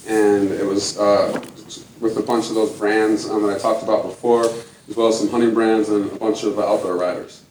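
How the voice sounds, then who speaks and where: A man's voice: lowish voice, level tone, moderate pace, darkish tone, slight background noise. A middle-aged man giving an earnest, folksy story-driven talk to an audience as a conservation speaker. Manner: earnest, folksy, laughs between points. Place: large room before an audience. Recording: echoey hall, mic from far off.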